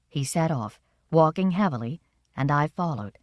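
A woman narrating a first-person story in a measured, expressive reading. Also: low voice, no room sound, muffled recording. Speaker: audiobook narrator.

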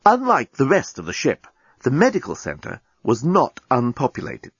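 A man narrating an audiobook in a lively, theatrical storytelling manner. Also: medium pitch, normal speed, husky, dry recording, lo-fi sound.

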